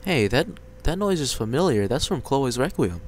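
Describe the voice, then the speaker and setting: A man's voice: mid-range voice, big pitch swings, normal speed, a little hiss or hum. A man giving offhand, laid-back let's play commentary as the channel's regular host. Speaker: game streamer.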